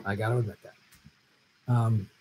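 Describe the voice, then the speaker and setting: A man's voice: lowish voice, steady tone, takes it slowly, darkish tone, slight background noise, rough recording. A middle-aged man hosting a casual stream, reading viewer comments aloud and answering them with loose, rambling jokes. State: vegetarian who travels for work. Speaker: host answering viewer questions. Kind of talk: casual live-stream chat.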